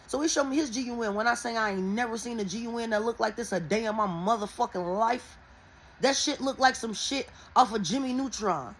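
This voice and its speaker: A woman who reads tarot, telling viewers a dream in a casual, animated and heavily profane way. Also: fairly high pitch, brisk, husky, low-quality recording. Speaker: tarot and oracle reader.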